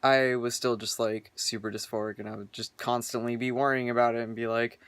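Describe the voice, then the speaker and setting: A man's voice: medium pitch, level tone, brisk, fairly bright tone, smooth, no echo. A young man vlogging casually from his bedroom, rambling earnestly with lots of filler words. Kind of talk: casual personal vlog.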